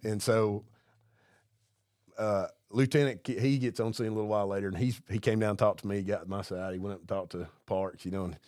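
A man's voice: on the low side, fairly even intonation, a little fast, darkish tone, dry recording, studio quality. A male podcast co-host and police officer, telling profane stories in casual chat and laughing at his own punchlines. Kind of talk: casual storytelling over drinks.

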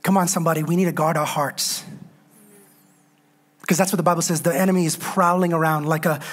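A woman's voice: sits low, steady tone, brisk. A woman preaching a sermon, repeating phrases for emphasis and calling on the congregation to answer her. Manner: exhorting, calls on the congregation to respond.

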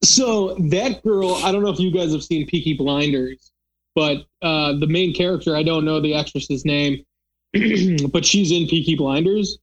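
A man's voice: on the high side, unhurried, highs cut off. A man hosting a casual podcast, chatting loosely with lots of fillers and restarts. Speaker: podcast host. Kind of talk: casual chat.

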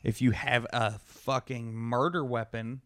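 A man's voice: medium pitch, steady tone, unhurried, fairly bright tone. A man from Pennsylvania co-hosting a podcast, blunt and cracking crude jokes in casual chat. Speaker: podcast co-host.

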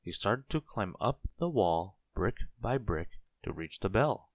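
A man narrates a children's storybook in a very deep voice, taking his time over each line. The reading is gentle and clear, with a dry, close sound. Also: big pitch swings, measured pace, dry recording.

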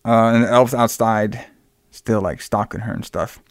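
A man's voice: lowish voice, fairly even intonation, normal speed, creaky, dry recording, clean studio sound. Rambling young man recapping a film. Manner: rambling, many fillers and restarts.

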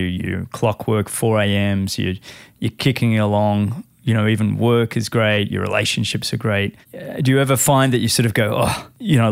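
A man's voice: lowish voice, vocal fry, dry recording, clean studio sound. A man with an Australian accent hosting a casual podcast interview, enthusiastic and friendly, calling his guest "mate". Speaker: podcast host.

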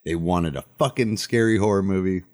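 A man's voice: sits low, brisk. A man co-hosting a casual movie podcast, joking and swearing freely. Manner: lively, profane, joking.

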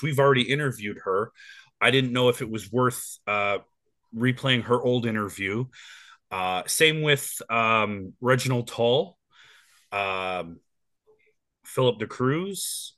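A man in his forties co-hosts a casual podcast in a mid-range voice that is bright and forceful, unhurried, and free of echo. He rambles, with plenty of ums and restarts.

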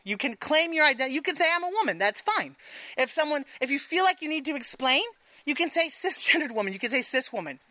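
High, bright-voiced woman telling a frank story. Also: sing-song, quick pace, no room sound, rough recording. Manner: frank, profane and laughing. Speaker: storyteller and show host. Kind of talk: live stage storytelling.

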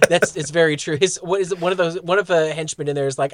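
A man's voice: fairly high pitch, fairly even intonation, fast talker. A man co-hosting a podcast, chatting casually and animatedly about a cartoon, laughing often and swearing now and then. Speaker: podcast co-host. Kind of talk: casual chat.

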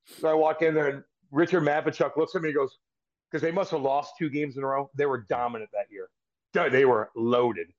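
A man's voice: mid-range voice, fairly even intonation, brisk. A man who is a former pro hockey player, guest on a podcast, rambling through a story with lots of swearing and restarted sentences. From St. Louis, US. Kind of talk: casual storytelling. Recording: slightly dull lo-fi sound.

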